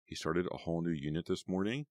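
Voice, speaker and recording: A man's voice: low-pitched, fast, darkish tone, dry recording, close to an everyday voice. A man voicing a weary, complaining teenage girl in an audiobook, in close to his own voice. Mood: bored. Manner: whiny, weary.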